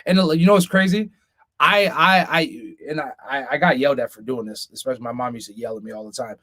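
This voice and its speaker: A man's voice: mid-range voice, quick pace, bright, forceful tone. A man co-hosting a casual podcast, talking earnestly and with concern, often stumbling and restarting his sentences. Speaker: podcast co-host.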